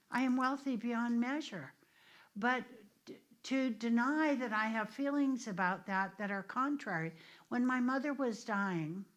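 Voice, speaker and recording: Woman minister in a storytelling chat. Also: medium pitch. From United States. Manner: conversational, storytelling, with restarts and asides. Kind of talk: informal teaching discussion. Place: church meeting room.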